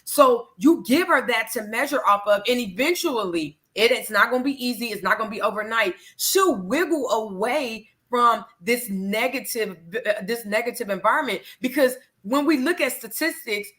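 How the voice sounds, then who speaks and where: A woman's voice: on the high side, lively intonation, normal speed, few pauses, fairly bright tone. Earnest woman guest explaining. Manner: earnest, explanatory, repeats key phrases. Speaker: guest, domestic violence survivor. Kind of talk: casual conversational interview.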